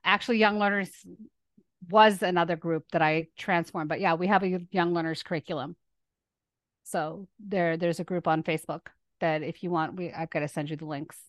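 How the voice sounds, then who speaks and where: Lady guest, lively fast chat, dry close sound. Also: on the low side, no room sound. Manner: lively, quick, laughs often. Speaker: interview guest, online ESL teacher. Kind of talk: casual interview chat.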